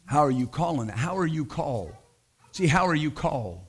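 A middle-aged man preaching a sermon as pastor, swinging from loud emphatic declarations to quiet, conversational storytelling. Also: on the high side, lively intonation, a little fast, breathy edge.

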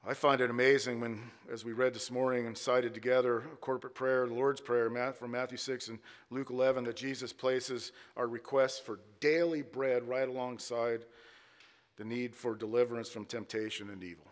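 Male pastor, emphatic repetitive preaching, mid-pitched voice, long reverb of the sanctuary. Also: little pitch movement, moderate pace. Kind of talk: sermon. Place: church sanctuary.

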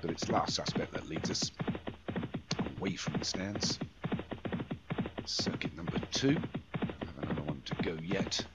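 A man's voice: sits low, a little slow, long pauses, heavy background noise. A man commenting on a simulated horse race in a chatty, jokey way, often correcting himself. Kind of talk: amateur horse racing commentary over a game. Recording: dull lo-fi sound with loud music.

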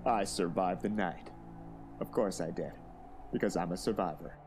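A man's voice: sits low, moderate pace, a little mellow, natural voice. An actor playing a cocky, wisecracking male space pilot who delivers dry log entries. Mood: wry. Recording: game audio with music behind.

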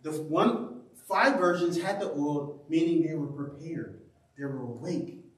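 A man preaching in a church, his voice high and swinging between quiet asides and loud outbursts as he acts out his own story. He laughs often as he talks. The sound is roomy and echoing, picked up from some distance. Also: measured pace. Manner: animated, laughing storyteller who acts out quotes. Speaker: pastor. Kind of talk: sermon with personal storytelling. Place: church sanctuary. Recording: roomy echo from a distant mic.

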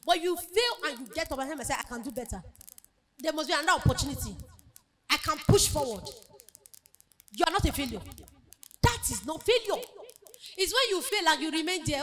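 A woman's voice: sits high, lively intonation, brisk, pauses often, fairly bright tone. A woman giving an emphatic motivational sermon at a conference, acting out the voices of the people in her stories. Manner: emphatic preaching, acts out quoted voices. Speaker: speaker at a women's conference.

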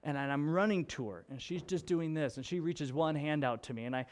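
Expressive higher-voiced male pastor. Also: fairly quick. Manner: expressive, swings between emphatic and hushed; conversational with restarts and fillers. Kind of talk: sermon with personal storytelling.

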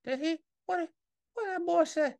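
A man voicing a confused elderly viewer who can't keep up with a fast talker. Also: creaky, darkish tone, no echo, exaggerated voice. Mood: baffled. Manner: bewildered, high and squeaky.

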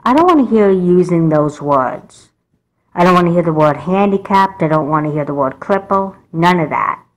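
Woman voicing a firm, calm mother. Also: lowish voice, normal speed, natural voice, low-quality recording. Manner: calm, scolding, patient. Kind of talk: doll movie voice acting.

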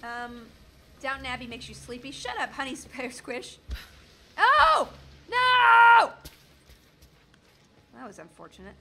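A woman in her thirties doing jokey, excitable commentary while she plays a video game. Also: on the high side, fast talker, gravelly, few pauses, a little hiss or hum. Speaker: gaming streamer. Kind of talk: let's play commentary.

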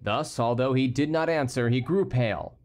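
A man narrating a historical novel as an audiobook, reading every character himself and lifting his pitch for the courtiers. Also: moderate pace, darkish tone. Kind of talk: scripted narration.

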